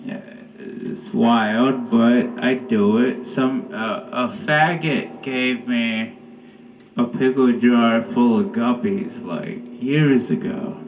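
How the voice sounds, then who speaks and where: A man's voice: medium pitch, slow, far from the mic, muffled recording, background noise. A man doing a stand-up comedy set, telling rambling, profane stories.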